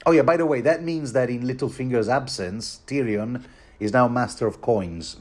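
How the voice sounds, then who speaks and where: A man's voice: fairly low pitch, a little mellow. A man giving a rambling, informal solo commentary on a novel, full of asides and self-corrections. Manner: playful asides. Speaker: book commentary host.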